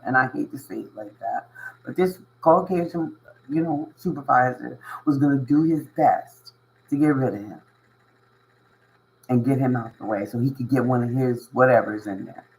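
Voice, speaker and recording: A man's voice: mid-range voice, poor audio. A man giving a casual motivational monologue to his viewers as a spiritual channel host. He is earnest and emotional, repeats himself for emphasis and often chuckles. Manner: emphatic and repetitive, with frequent chuckles and "you know what I mean".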